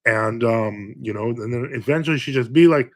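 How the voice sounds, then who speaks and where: A young man in the role of a priest runs a casual livestream and reads viewer comments aloud. He rambles with lots of "uh" and "you know". His humor is dry and self-mocking. His pitch sits in a middle range for a man. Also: normal speed. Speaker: Orthodox priest hosting a livestream.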